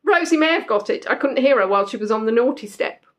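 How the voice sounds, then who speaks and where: A woman's voice: fairly high pitch, expressive, fast talker. A young woman hosting a casual quiz, chatty and joking as she reads out the players' answers. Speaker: quiz host. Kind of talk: casual live quiz chat.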